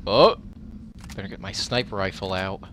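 A man giving let's play commentary over his gameplay. He reacts loudly and profanely, talks back at the enemies and mutters while he loots. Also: low voice, moderate pace, a little hiss or hum. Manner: excitable, profane, talks to the game as he plays. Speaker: gaming commentator.

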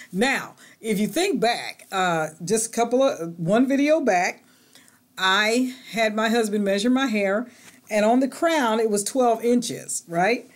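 A middle-aged woman talks straight to her camera in a casual home vlog. She is chatty and animated, and her voice moves between bright excitement and soft, hushed moments. Her pitch sits in a middle range. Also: unhurried. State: out of breath. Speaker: vlogger.

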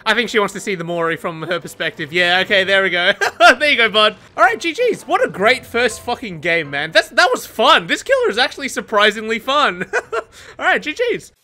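Lively, laughing young woman gamer. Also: medium pitch, brisk. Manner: excitable, swearing, laughing often. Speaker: gaming streamer. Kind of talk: casual gameplay commentary.

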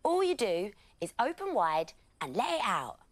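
A woman reading a storybook aloud, putting on the loud, bossy voices of a lion gang. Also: medium pitch, very animated, measured pace, dry recording, voice pushed up.

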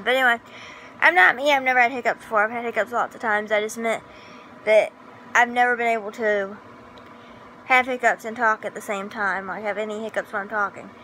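A woman's voice: a little high, sharp tone, a little hiss or hum, poor audio. A woman vlogging in a casual, rambling way, often correcting herself and giggling. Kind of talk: casual vlog chat.

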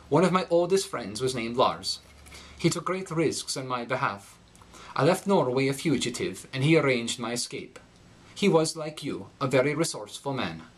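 A man's voice: medium pitch, fairly bright tone, slightly rough. A man reading a monologue as a grieving man mourning a fallen friend, with a Scandinavian accent and a slight rising melody at word ends.

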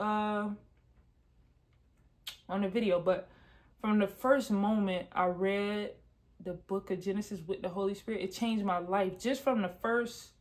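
A woman's voice: medium pitch, darkish tone. Earnest young woman sharing a testimony. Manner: earnest, repeats herself, slangy ("bro", "y'all"). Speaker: Christian vlogger sharing testimony. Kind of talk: casual heartfelt testimony to camera.

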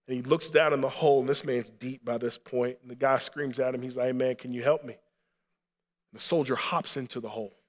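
A male pastor delivers a sermon at a mid-range pitch, his voice carrying a long reverb through a church hall. He talks earnestly and pleads more strongly as he goes on. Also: fairly even intonation, moderate pace, pauses often. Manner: earnest preaching, rising to impassioned appeals. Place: church sanctuary.

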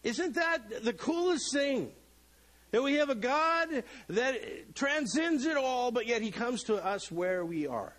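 A middle-aged man preaching in a church sanctuary, his fairly high voice swinging up and down as he jokes. He acts out the people in the story with playful, animated delivery. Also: takes it slowly, poor audio. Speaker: pastor. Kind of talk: sermon.

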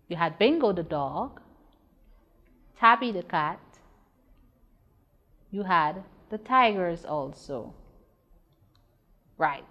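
A woman teacher giving a broadcast lesson to children, speaking slowly and spelling words out letter by letter. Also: on the low side, a bit bright. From Guyana. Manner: slow, deliberate, spells words letter by letter and drills syllables. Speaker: primary school teacher. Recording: long reverb.

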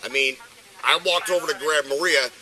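A man's voice: on the high side, a little fast, a crowd in the background. An older man talking outdoors on a street, agitated and swearing often while explaining a dispute, picked up by a body camera. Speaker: bystander in police dispute. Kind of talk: heated street argument. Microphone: police body camera.

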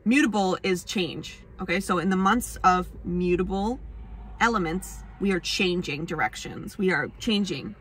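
A woman's voice: on the low side, moderate pace, fairly bright tone, slight background noise. Rambling, self-mocking woman astrology vlogger. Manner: rambling, self-mocking, laughs often, swears casually. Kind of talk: casual astrology talk to camera.

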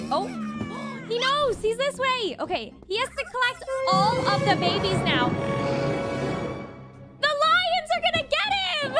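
Brief: a very high, bouncy female reactor who gasps and laughs constantly, with loud music behind her. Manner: gasping, laughing, exclaiming. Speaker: reaction video host. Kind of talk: excited reaction commentary.

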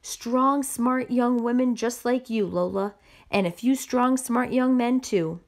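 A woman reading a children's picture book aloud with expressive narration. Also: a little high, slow. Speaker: storybook reader.

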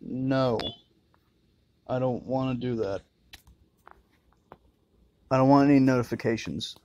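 A man's voice: medium pitch, takes it slowly, a little mellow, dull audio, slight background noise. A man doing crude, joking commentary while playing a horror game, muttering and swearing to himself. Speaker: let's-play gamer.

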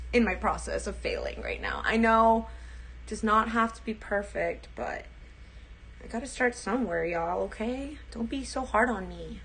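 A woman's voice: fairly high pitch, sharp tone, slight background noise. A young woman livestreaming casually, chatty, giggly and self-deprecating.

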